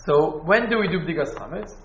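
Man, classroom teacher, halting delivery, a bit high voice, echoey room, dull sound. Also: expressive, a bit bright, a little hiss or hum. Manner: halting, restarts, Hebrew and Yiddish terms. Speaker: Torah teacher. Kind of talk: informal class on Jewish law.

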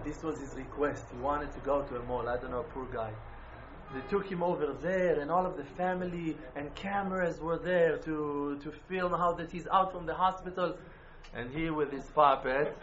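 A man's voice: fairly high pitch, dull audio, noisy background. Emphatic preacher man, English. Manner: emphatic, swings from loud exclamations to quiet intensity. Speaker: Breslov Hasidic teacher. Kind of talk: impassioned religious talk.

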